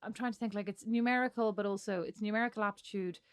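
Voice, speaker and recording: In a casual podcast chat, this Irish co-host rambles along with frequent self-interruptions and easy laughter. She speaks fast and clearly at a medium pitch, with a steady, resonant tone.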